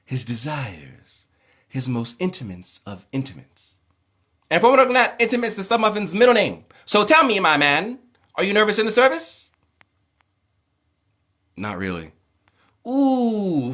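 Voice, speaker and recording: A man's voice: sharp tone, heavily acted. A man putting on the voice of a flamboyant, hyper male radio showman who squeals and shrieks his hype lines. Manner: shrill, squealing, rapid-fire hype.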